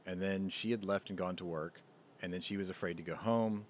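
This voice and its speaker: A low-voiced podcast host talks fairly quickly over a slight hiss or hum. He tells a story casually and animatedly, acting out the voices of the people he quotes.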